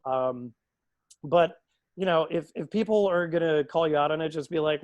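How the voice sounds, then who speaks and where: Male PA announcer, slightly higher voice, animated storyteller, dry video-call audio. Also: normal speed, no echo, dull audio. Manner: animated, acts out quoted voices.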